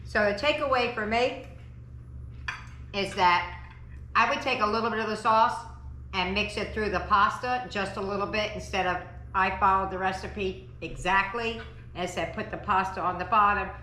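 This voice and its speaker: A woman's voice: mid-range voice, bright, forceful tone, roomy sound, slight background noise. A woman hosting a casual home cooking vlog from her dining table, upbeat and chatty as she gets her family to taste the meal. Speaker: cooking channel host.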